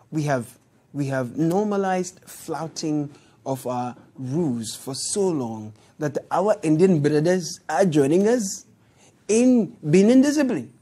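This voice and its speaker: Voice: medium pitch, mellow, husky. Sarcastic Ghanaian news host. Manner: sarcastic, mocking, laughs at clips. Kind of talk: satirical news commentary.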